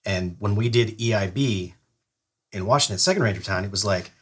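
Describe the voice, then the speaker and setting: A man's voice: fairly low pitch, fairly quick, husky. A middle-aged man, a retired soldier, telling a long story in casual, profane podcast talk, often laughing as he goes. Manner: profane, laid-back, laughs through his stories. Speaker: podcast guest, retired Army Ranger.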